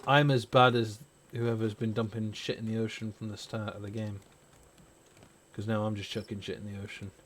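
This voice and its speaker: A man's voice: on the low side, flat delivery, normal speed, a little hiss or hum. A man and parent hosting a gaming stream, chatting casually and opinionatedly with plenty of swearing. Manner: rambling, swears freely, opinionated. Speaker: gaming channel host. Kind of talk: casual chat over gameplay.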